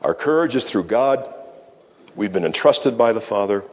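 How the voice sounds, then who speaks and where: A male pastor giving a sermon, speaking in measured phrases with slow, emphatic pauses. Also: on the low side, lively intonation. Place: church sanctuary. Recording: long reverb of a church hall.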